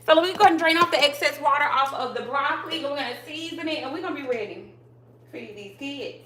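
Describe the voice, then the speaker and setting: A woman with a bright, sharp, slightly high voice talks viewers through a live cooking stream from her home kitchen, calling out to them often in a chatty, easygoing, brisk manner. Pans and dishes clatter faintly behind her, and the low-quality recording carries a little hiss or hum.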